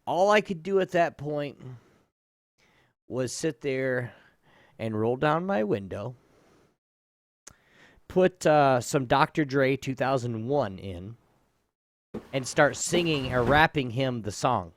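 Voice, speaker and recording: Animated, swearing man telling a story. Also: mid-range voice, slow pace, pauses often, no echo. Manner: animated storytelling, swears freely, laughs often. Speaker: podcast co-host. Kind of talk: casual comedic podcast chat.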